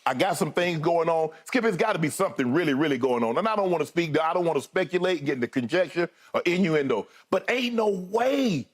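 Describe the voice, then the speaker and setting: A man's voice: on the high side, very animated, fast talker, hardly any pauses, breathy edge. A man co-hosting a sports debate show, emphatic and repetitive, often calling his partner by name. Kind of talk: animated sports debate talk.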